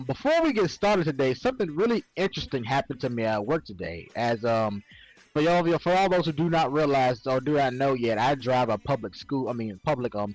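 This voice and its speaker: A man in his twenties co-hosting a talk show, telling a story in animated, slangy, swearing casual talk. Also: medium pitch, no room sound, poor audio. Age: 20s. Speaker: co-host. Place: Second Life voice chat.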